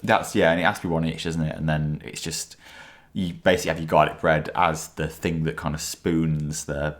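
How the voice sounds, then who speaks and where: A man co-hosting a podcast, chatting bluntly with animated banter. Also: extremely low pitch, moderate pace. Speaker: podcast co-host. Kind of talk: casual chat.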